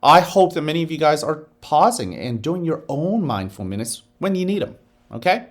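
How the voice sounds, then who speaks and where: A man, a school principal, gives the morning announcements to children. He leads a slow guided breathing exercise, then speaks in an upbeat, encouraging way. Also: a little high, sing-song. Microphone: office microphone.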